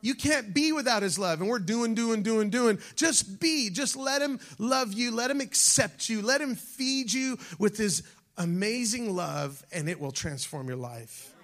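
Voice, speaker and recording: A man's voice: sits high, a little slow. A man preaching a sermon as pastor, calling out to the congregation and dropping at times to a near-whisper. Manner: animated preaching, shifting from shouts to near-whispers.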